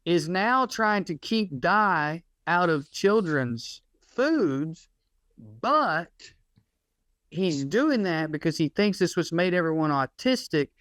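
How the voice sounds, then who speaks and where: Podcast co-host, male, slightly high voice, sardonic rambler, dry close mic. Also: animated, takes it slowly, fairly bright tone, clean tone, no room sound. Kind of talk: casual comedic podcast chat.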